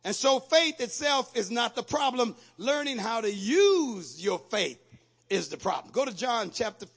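A man preaching a sermon to his congregation, repeating phrases, asking the crowd questions and shouting out lines. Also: very high voice, big pitch swings, a little slow, husky. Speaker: pastor.

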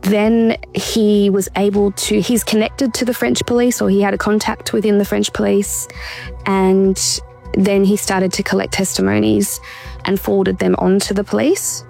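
Woman with a gravelly, creaky voice. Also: medium pitch, level tone, darkish tone, faint music behind. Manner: measured, reflective, occasional restarts. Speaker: interview guest. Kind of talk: earnest personal account in conversation.

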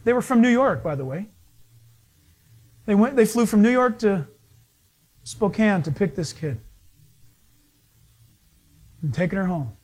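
Male preacher with a high voice, sermon storyteller who slips into other people's voices. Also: expressive, unhurried, long pauses, darkish tone. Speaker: pastor.

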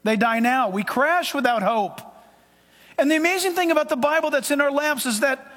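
Emphatic high-voiced preacher in reverberant hall. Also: male voice, normal speed. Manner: emphatic preaching, swinging between loud and hushed. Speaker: pastor. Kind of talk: sermon.

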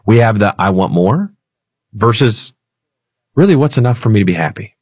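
A man's voice: fairly low pitch, lively intonation, fairly quick, a little mellow, husky, no echo, clean studio sound. A man co-hosting a financial radio show, chatting in a playful, storytelling way. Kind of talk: casual talk radio chat.

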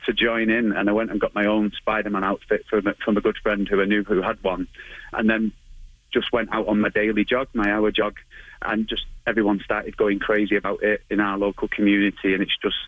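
A man's voice: fairly low pitch, little pitch movement, a little fast, fairly bright tone, no echo, poor audio. A man, chatting casually as an interview guest, laughing often and restarting his sentences. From England. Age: 30s. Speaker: martial arts school owner, guest.

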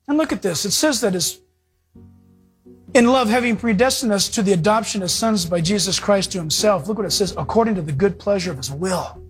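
Male preacher, husky tone, animated sermon delivery with big shifts in pitch and pace.

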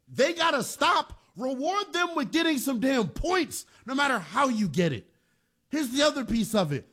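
A man's voice: high voice, fairly bright tone. A man hosting a sports talk show, giving emphatic, opinionated commentary while sounding emotionally shaken. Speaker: sports radio host.

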